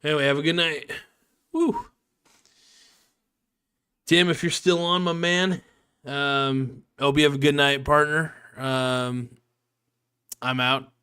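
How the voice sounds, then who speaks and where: A man's voice: fairly high pitch, fairly even intonation, slow, pauses often, sharp tone, smooth. A man hosting a casual live stream, talking in a laid-back, joking and rambling way, swearing now and then.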